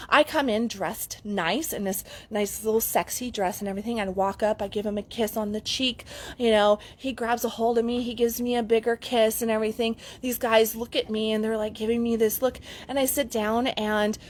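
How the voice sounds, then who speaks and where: A woman's voice: a little high, steady tone, a little fast. A middle-aged woman, a relationship coach, telling a candid story to her camera in a chatty vlog, laughing easily. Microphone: camera mic.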